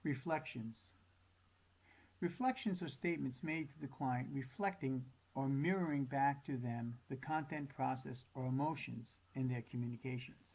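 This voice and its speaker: A man reading scripted lesson narration, measured and reading the definitions aloud. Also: medium pitch, gravelly, darkish tone, low-quality recording.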